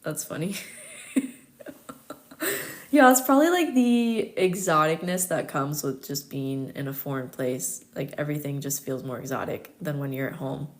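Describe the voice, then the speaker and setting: Chatty young American woman, low voice. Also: normal speed. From United States. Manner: chatty, giggly, lots of fillers. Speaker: astrology livestream host. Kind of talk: casual chat reading live comments.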